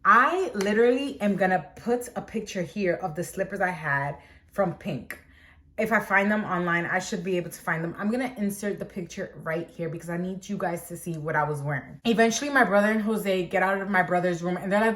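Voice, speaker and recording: A young woman telling a personal story to camera in a casual vlog, animated, and she acts out quoted lines with sudden jumps in pitch. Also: fairly quick. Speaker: storytime vlogger.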